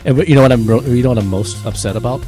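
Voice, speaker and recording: A man's voice: medium pitch, very fast, faint music behind. A man co-hosting a casual podcast, telling stories with a lot of laughter and acting out the people he quotes. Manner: animated storyteller, acts out the people he quotes, laughs often. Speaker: podcast co-host. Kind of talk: casual chat.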